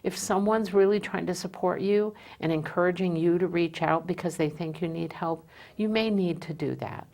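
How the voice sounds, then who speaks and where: A woman host speaks to her audience in a slightly low voice, earnest and sincere. She pauses often with "um" between her thoughts. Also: creaky, a little mellow. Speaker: host of a community talk show. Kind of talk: hosting a live community show.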